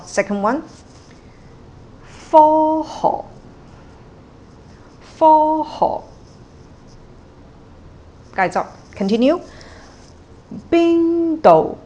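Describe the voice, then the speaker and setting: A woman teaching a language lesson at a slow, deliberate pace, often checking in with "okay" and "all right". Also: mid-range voice. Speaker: Cantonese teacher.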